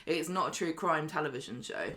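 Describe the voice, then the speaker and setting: A woman co-hosting a casual chat show, opinionated and quick to laugh. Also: deep voice. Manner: lively, opinionated, laughs often. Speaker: podcast co-host. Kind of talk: casual chat about a soap opera.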